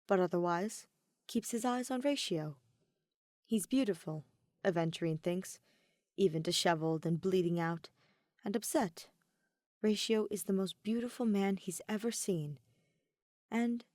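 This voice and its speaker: A woman reading a fan fiction story aloud in a steady, measured audiobook narration. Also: mid-range voice, dry recording, clean studio sound. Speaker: podfic reader.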